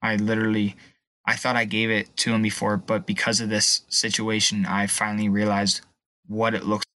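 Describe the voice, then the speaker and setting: Young man, tearful interview guest, halting and emotional; lowish, bright voice, dry close sound. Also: completely flat delivery, dry recording. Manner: emotional, halting, pauses and restarts. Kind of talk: personal testimony.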